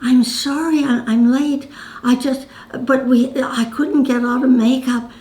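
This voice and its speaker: A woman in her nineties voicing a soft-spoken, fretful young starlet with a quiet, breathy little voice. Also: high voice, flat delivery, unhurried, distant mic, voice pushed up. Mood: apologetic. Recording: roomy echo.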